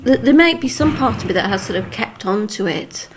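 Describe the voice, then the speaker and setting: A woman's voice: medium pitch, very animated, brisk, slight background noise. Chatty Lancashire woman with a Liverpool touch. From Lancashire, England. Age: 40s. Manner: chatty, frank, laughs easily. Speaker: interviewee. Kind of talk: casual chat.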